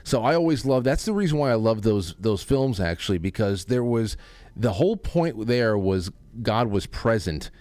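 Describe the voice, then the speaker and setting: A man hosting a call-in show, talking casually and rambling with many halting restarts. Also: on the low side, sing-song, darkish tone, no echo. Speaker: host. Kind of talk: casual chat.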